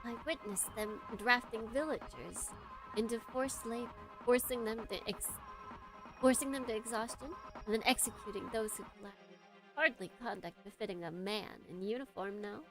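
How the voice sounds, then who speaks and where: A woman's voice: fairly high pitch, moderate pace, over music, natural voice, low-quality recording. A woman voicing an icy, elegant young noblewoman.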